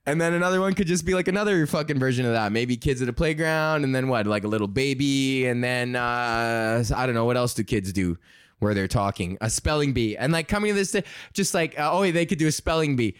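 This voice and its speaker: A man's voice: mid-range voice, a little fast, clean tone, no room sound, studio quality. Rambling, profane young man podcaster. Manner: rambling, profane, laughs at own jokes. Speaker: podcast host. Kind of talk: casual solo podcast rant.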